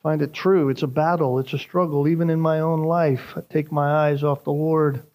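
A man preaching a sermon, emphatic and rising in pitch on key phrases. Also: steady tone, normal speed, darkish tone. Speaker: pastor.

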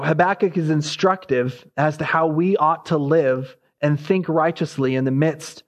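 A man preaching an expository sermon, his voice rising sharply as he voices the prophet's cries. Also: on the high side.

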